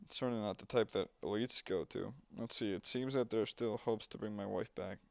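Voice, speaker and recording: A man's voice: fairly low pitch, brisk, vocal fry, no room sound. A young man casually commenting while playing a game, chatty and rambling with lots of fillers. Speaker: gameplay commentator.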